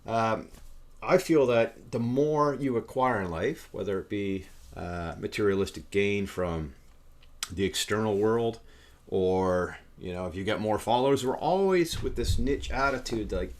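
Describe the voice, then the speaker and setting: A man hosting a casual podcast, talking in an excitable, profane, rambling way. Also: lowish voice, a little slow. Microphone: camera setup.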